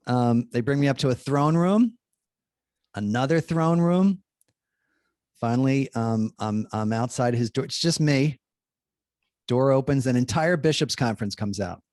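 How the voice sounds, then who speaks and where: A man's voice: mid-range voice, animated, unhurried, long pauses, darkish tone, no room sound. Chatty man telling a story, dry sound. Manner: chatty, many fillers and restarts, acts out dialogue. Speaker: Jesuit priest, guest speaker. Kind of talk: animated anecdote telling.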